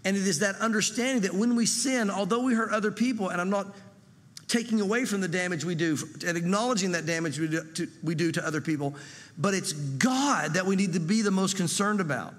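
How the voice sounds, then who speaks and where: High-voiced preacher in a reverberant hall. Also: male voice, fairly quick. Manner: earnest preaching, acts out the prayers he quotes. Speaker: pastor. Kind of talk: sermon.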